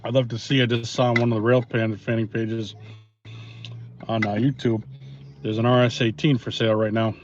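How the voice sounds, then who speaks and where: A man chatting casually with viewers on a live stream, relaxed and rambling, with many pauses and fillers, recorded on a phone outdoors. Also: medium pitch. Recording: dull lo-fi phone audio, faint noise.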